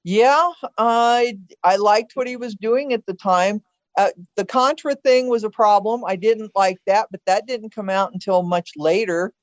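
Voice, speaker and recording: A woman's voice: mid-range voice, a little slow, no echo. An older woman talking earnestly about past elections on a podcast, opinionated and often restarting her sentences. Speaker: podcast guest, host's mother. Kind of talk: casual political conversation. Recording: dull dry sound.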